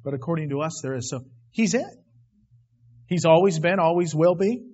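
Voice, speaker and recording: Husky man preaching a sermon, higher voice, emphatic, muffled recording. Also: lively intonation, moderate pace. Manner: emphatic, swings between loud declarations and quiet asides. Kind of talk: sermon on Revelation.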